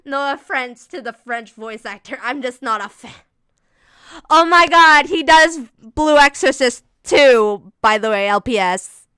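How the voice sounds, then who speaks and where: A woman livestreaming in casual chat, answering viewers' questions and gushing like an excitable fangirl. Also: high-pitched, a little slow, clear, resonant tone, dry recording.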